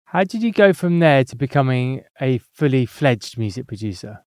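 A male podcast host puts short questions to his guest. His medium-pitched voice rises and falls in a lively way, recorded close and dry. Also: normal speed, dry recording. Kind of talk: interview questions.

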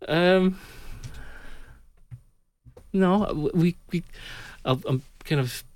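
A man's voice: high-pitched, very slow, darkish tone, dry recording. A man on a football podcast panel, answering in a hesitant, self-deprecating way with restarts. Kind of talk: casual sports podcast chat.

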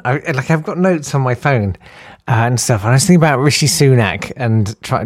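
Rambling comedy podcast host. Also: male voice, medium pitch. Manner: rambling, self-deprecating, halting with fillers. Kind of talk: casual comic monologue.

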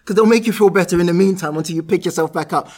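A man's voice: sits high, racing, darkish tone. A man, a property entrepreneur, telling anecdotes in a casual interview and laughing through them. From South-East London, England.

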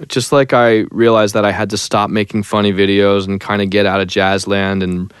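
A young man, a songwriter and singer, telling a story in a casual interview, lively and animated, dropping into sung snippets. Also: on the low side, moderate pace, clean tone, no room sound, clean studio sound. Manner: animated, breaks into sung snippets and acted quotes.

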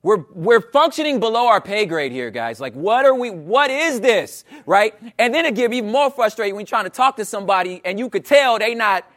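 Casual slang-heavy preacher, a man in his thirties, pitched high, talks like chatting with friends. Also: fairly quick, few pauses. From Los Angeles area. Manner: animated, slangy, asks the crowd "you know what I'm saying". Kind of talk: conversational sermon.

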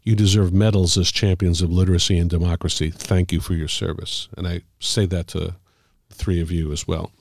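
A man, middle-aged or older, an author telling stories about the craft of writing in a casual, halting way with many fillers. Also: low voice, flat delivery, vocal fry, a little mellow, dry recording, clean studio sound. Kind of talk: casual conversational storytelling.

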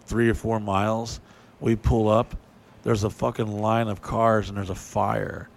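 A man casually telling a story, animated and profane, acting out what people said in a raised voice. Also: mid-range voice.

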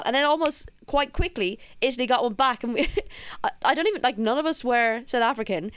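A woman co-hosting a casual football podcast, laughing often and retelling matches in an animated way. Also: fairly high pitch, fast talker, hardly any pauses, clean tone, dry recording. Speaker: podcast co-host.

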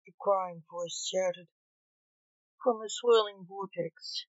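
Woman reading a story aloud, slow and steady, dry dull lo-fi sound. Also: medium pitch, no room sound. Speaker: story reader. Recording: dull lo-fi recording.

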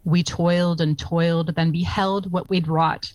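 A woman reading aloud in a mock-solemn storybook narrator voice, slow and stately. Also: lowish voice, little pitch movement, darkish tone, no echo, natural voice, low-quality recording.

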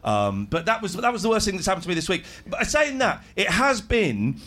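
A man's voice: sits high, very animated, brisk, a bit bright. A middle-aged man in casual banter, jokey and rambling, laughing often as he talks.

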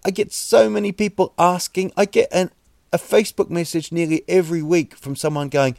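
A man with a New Zealand accent hosting a solo podcast, rambling deadpan jokes with many fillers and restarts. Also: high-pitched, a little fast, gravelly, few pauses, no echo, clean studio sound. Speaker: podcast host. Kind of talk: solo comedic podcast monologue.

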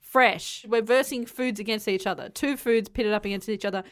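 A woman's voice: mid-range voice, moderate pace. A woman hosting a casual food podcast, chatty and rambling. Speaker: podcast host. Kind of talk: casual chat.

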